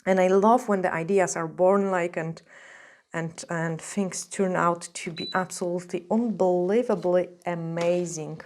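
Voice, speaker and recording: A woman's voice: lowish voice, fairly even intonation, unhurried, a little mellow. A woman nail artist talking through a tutorial in a chatty, gushing way, full of fillers, while she is losing her voice. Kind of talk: casual tutorial narration while working.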